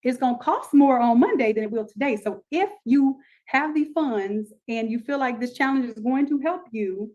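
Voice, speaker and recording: A woman with a fairly high voice hosts a live online design class, pitching deals and repeating herself as she talks straight to viewers. Her energy stays up throughout. The audio is dull and lo-fi, like a computer mic on a stream. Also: expressive, moderate pace, few pauses, a little mellow.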